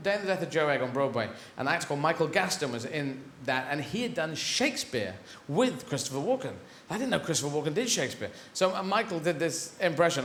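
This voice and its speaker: A man's voice: fairly high pitch, slight background noise. A male stand-up comedian with a rambling, surreal delivery, on stage in a large theatre. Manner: rambling, surreal, self-interrupting. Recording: echoey theatre with loud audience laughter.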